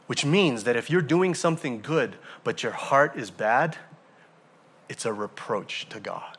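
A man preaching a sermon to a congregation, animated, throwing rhetorical questions and acting out everyday scenes. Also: mid-range voice, moderate pace, breathy edge. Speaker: pastor.

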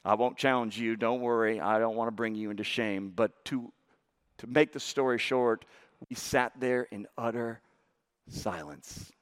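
A male pastor preaching a sermon, telling a story with emphatic rises and hushed drops. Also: mid-range voice, steady tone, measured pace, clean tone.

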